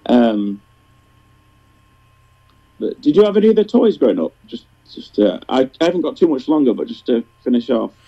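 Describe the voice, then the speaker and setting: A man's voice: medium pitch, big pitch swings, normal speed, long pauses. A man from northern England with a Northern English accent, chatting casually and rambling in a friendly way. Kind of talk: casual chat. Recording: dull lo-fi audio.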